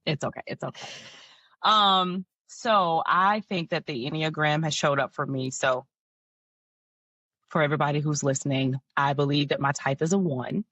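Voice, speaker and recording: A podcast guest who is a mental health counselor speaks at normal speed in a deep voice, telling candid, reflective personal stories punctuated by soft laughs. The recording is muffled and has no echo.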